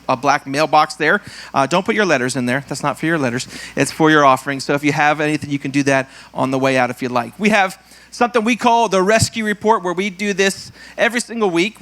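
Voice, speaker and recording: A male pastor leading prayer and announcements, playful and quick to laugh at his own jokes, acting out puns in silly voices. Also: a little high, a bit bright. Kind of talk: church service prayer and announcements.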